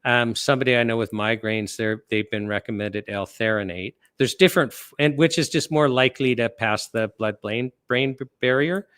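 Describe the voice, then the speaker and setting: Low-voiced male guest, dry sound. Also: moderate pace, few pauses, a bit bright, clean tone, no echo. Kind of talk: casual live-stream talk.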